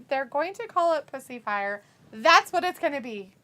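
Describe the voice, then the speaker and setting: A woman's voice: high-pitched, animated, normal speed, bright, forceful tone, a little hiss or hum. A woman, co-hosting a wrestling watch-along, reading chat messages aloud, teasing and laughing often.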